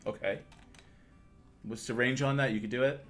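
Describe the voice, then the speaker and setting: A man narrating as game master for a tabletop game on a livestream, quick and often laughing, with some stumbles. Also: mid-range voice, fairly even intonation, fairly bright tone, faint music behind.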